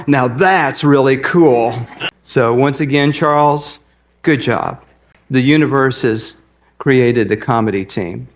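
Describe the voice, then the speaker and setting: A man giving a folksy sermon as guest speaker, pausing often and hesitating. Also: mid-range voice. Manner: folksy, hesitant with many pauses. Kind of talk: sermon with a joke. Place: church sanctuary.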